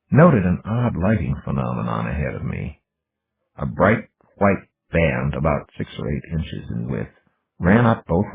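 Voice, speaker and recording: Gravelly male audiobook narrator. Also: low-pitched. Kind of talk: first-person novel narration. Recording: tinny lo-fi audiobook recording.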